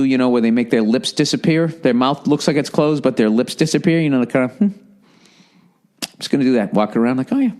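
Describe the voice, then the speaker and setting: A man's voice: mid-range voice, a little mellow. A man hosting a podcast, talking on his own in a casual monologue, swearing often, rambling and exasperated, breaking off his sentences and slipping into mocking voices. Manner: profane, exasperated rambling with frequent self-interruptions; slips into mocking put-on voices. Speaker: podcast host.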